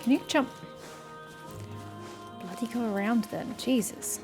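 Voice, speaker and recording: A woman talks her way through a video game, reading prompts aloud and tossing out sarcastic asides. Her voice sits a bit high, and faint game music plays under her. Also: slow, darkish tone. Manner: sarcastic, swears casually, reads quest text aloud. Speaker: let's-play streamer. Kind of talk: casual game commentary.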